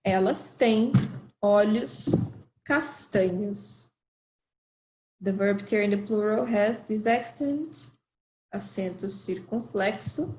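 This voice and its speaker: Slow, patient woman language teacher. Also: medium pitch, darkish tone, roomy sound, poor audio. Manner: slow, repeats phrases for learners. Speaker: Portuguese teacher.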